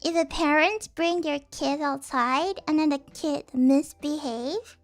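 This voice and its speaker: A woman's voice: high-pitched, unhurried, soft background music. A young woman streaming casually, rambling and giggling, acting out the people she quotes. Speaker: vtuber streamer.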